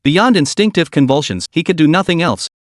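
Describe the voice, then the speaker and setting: A man's voice: on the high side, lively intonation, brisk, no room sound, studio quality. A man narrating a comic recap as a dramatic scripted story.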